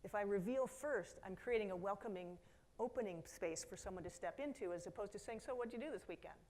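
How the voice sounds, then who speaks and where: A middle-aged woman giving a conference keynote talk in a lively storytelling manner, slipping into quoted voices and asides to the audience. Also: medium pitch, a little fast. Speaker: keynote speaker. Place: conference hall.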